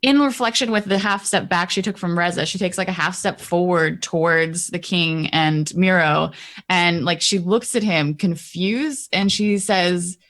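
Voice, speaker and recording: A woman's voice: fairly low pitch, measured pace, fairly bright tone. A woman player describing her character's actions in a tabletop game, rambling with many fillers.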